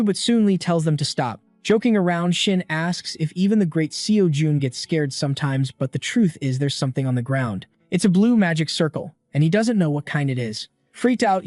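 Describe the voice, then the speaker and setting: A man narrating a comic story recap in a casual, brisk storytelling manner. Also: on the high side, darkish tone, no echo. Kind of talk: scripted narration. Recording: dry close voice-over with faint music.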